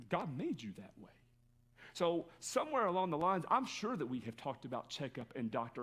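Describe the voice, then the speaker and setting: A man's voice: mid-range voice, slightly rough. A male pastor giving a conversational sermon, telling a personal story in an earnest way.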